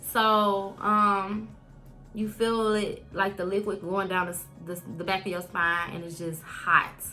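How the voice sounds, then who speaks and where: Young female vlogger, chatty personal storyteller, bright voice, faint music bed. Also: medium pitch, unhurried. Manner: candid, animated retelling with many "like" fillers.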